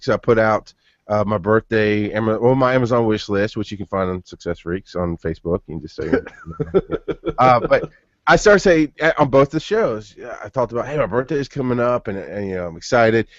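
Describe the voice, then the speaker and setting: A man's voice: medium pitch, dry recording. Man in his thirties, casual podcast host, rambling stories, dry close sound, muffled lo-fi audio. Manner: rambling storyteller with frequent restarts. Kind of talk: casual chat.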